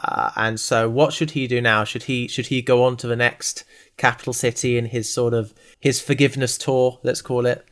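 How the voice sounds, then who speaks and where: A man's voice: mid-range voice, little pitch movement, normal speed, fairly bright tone. A man co-hosting a podcast, chatting casually and rambling through a show recap with lots of asides and jokes. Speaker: podcast co-host. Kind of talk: casual chat recapping a TV series.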